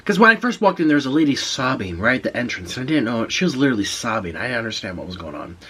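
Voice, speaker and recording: A man in his twenties telling a casual story on camera while he eats, pausing to savour his food. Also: mid-range voice, husky. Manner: animated storyteller, pauses to eat and savour food. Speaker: mukbang vlogger.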